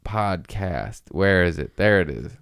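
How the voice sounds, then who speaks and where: A low-pitched man rambles through crude comic stories on his podcast and often laughs at his own jokes. His voice sounds dry and close to the studio mic, and he jumps into high mocking voices when he quotes someone. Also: animated, unhurried, fairly bright tone, clean tone, dry recording. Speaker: podcast host. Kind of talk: casual comedic storytelling.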